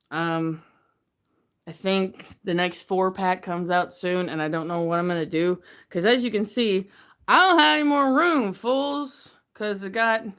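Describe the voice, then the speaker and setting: A woman livestreams from her messy bedroom, talking into her phone camera in a casual, rambling way and getting hyper and excitable. Her voice is smooth and medium-pitched.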